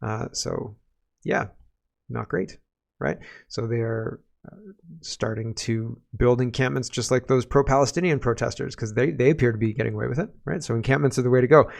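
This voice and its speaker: A man with a gravelly, fry-heavy voice runs a casual commentary show, sarcastic and ranting. He keeps breaking into laughter as he talks. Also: medium pitch, moderate pace, darkish tone. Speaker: political commentary host.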